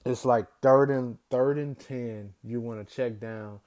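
A man hosting a solo sports show, ranting in an exasperated way, repeating himself and climbing higher in pitch when worked up. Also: steady tone, unhurried, a little mellow. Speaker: sports podcast host. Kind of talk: solo sports commentary rant.

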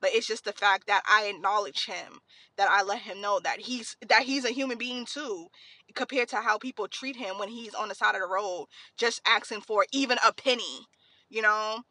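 A podcast host, young and tearful, shares a heartfelt personal story from her car, rambling casually and leaning on frequent fillers. She speaks at a moderate pace, her mid-range voice pushed and bright.

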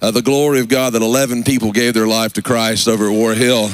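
A man's voice: mid-range voice, flat delivery, quick pace, noisy background. A man preaching a fervent revival sermon in a church, with call-and-response asides to the congregation. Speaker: pastor. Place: church sanctuary.

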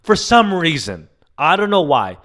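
A man's voice: a little high, big pitch swings, a little slow, a bit bright. Emotional man rambling on a podcast. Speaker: podcast host. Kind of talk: casual solo podcast monologue.

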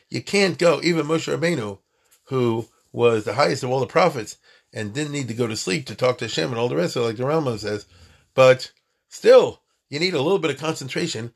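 Gravelly man teaching Torah. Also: mid-range voice, fairly quick. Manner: animated, acts out voices, laughs at own jokes. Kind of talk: informal Torah talk.

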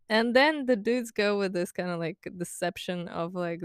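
A woman's voice: mid-range voice, normal speed, few pauses, clean tone, dry recording, clean studio sound. A young woman from the Baltics, talking in a casual, blunt monologue full of swearing, sarcasm and laughter. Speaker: podcast host.

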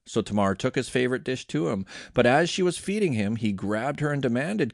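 A man hosting a daily Bible reading, reading scripture aloud with expressive, animated delivery. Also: mid-range voice, brisk, vocal fry, dry recording, studio quality. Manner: expressive reading with lively voiced quotes.

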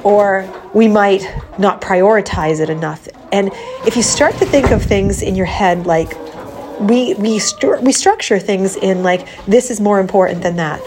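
A woman's voice: medium pitch, measured pace, music in the background. Nasal woman with a cold, chatting. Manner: conversational, with fillers and restarts. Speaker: podcast host, mindset coach. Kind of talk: casual chat.

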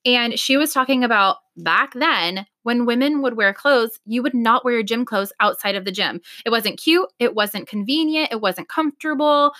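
A woman's voice: a little high, lively intonation, normal speed, few pauses, sharp tone. A woman co-hosting a podcast in casual chat, talking chattily with lots of "like" and "oh my gosh". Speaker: podcast co-host.

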